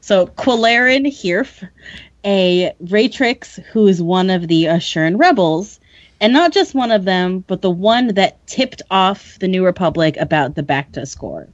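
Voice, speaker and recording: A woman's voice: lowish voice, expressive, measured pace, no room sound, dull audio. A woman co-hosting a podcast, casually recapping book chapters and laughing often. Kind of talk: casual chat.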